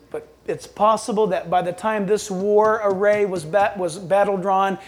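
A man preaching a sermon, swinging between loud, quick bursts and hushed, low asides. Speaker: pastor.

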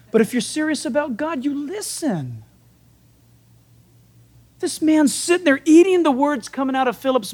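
Male pastor, casual and animated, acts out the scenes as he preaches. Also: extremely high pitch. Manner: animated, acts out biblical dialogue; conversational, folksy preaching. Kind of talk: sermon.

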